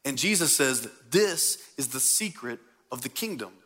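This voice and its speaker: A man preaching a sermon to a congregation in a church, animated and conversational. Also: mid-range voice, normal speed, soft background music. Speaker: pastor. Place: church sanctuary before a congregation.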